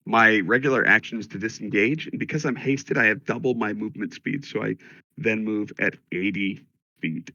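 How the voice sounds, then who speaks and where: A man playing in an online tabletop game, talking casually and bursting into loud enthusiasm. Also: on the low side, moderate pace, no echo, lo-fi sound. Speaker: player.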